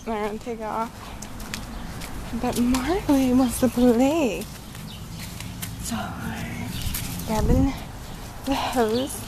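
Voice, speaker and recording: A young woman vlogs from her yard in an unhurried, chatty way, her voice sitting a little high. She giggles often and coos at her dog in a sing-song voice. The home-video recording carries clear outdoor noise and animal sounds behind her. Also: steady tone. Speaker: vlogger filming her pets. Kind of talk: casual chat to camera.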